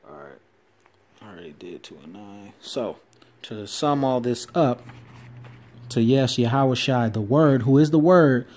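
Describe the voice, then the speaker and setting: Guy doing a casual bible study video, reads the verse slow then gets all excited explaining it, keeps correcting himself. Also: fairly low pitch. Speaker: bible teacher. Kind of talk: informal scripture teaching video.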